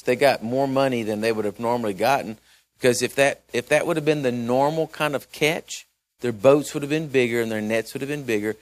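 A man's voice: mid-range voice, no room sound. Folksy preacher man, dry sound. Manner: folksy and chatty, swinging between loud and hushed. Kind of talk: conversational Bible-study sermon.

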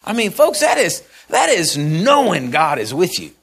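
A man preaching a sermon in a folksy storytelling way, acting out the characters and repeating phrases, swinging from loud to soft. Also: high voice, huge pitch swings, unhurried, gravelly, breathy edge.

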